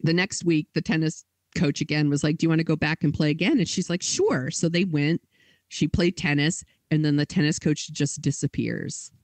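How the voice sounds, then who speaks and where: Higher-voiced man telling a story, casual. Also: steady tone, a little fast, dry recording. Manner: casual, filler-heavy retelling with acted quotes. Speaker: podcast host.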